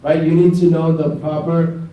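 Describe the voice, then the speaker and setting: A man's voice: a little high, little pitch movement, normal speed, phone-quality sound. A man with a Northeastern US accent teaching Arabic letters in a classroom, calling out letter names for students to repeat. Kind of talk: classroom lesson, slow and repetitive. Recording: echoey room picked up from a distance.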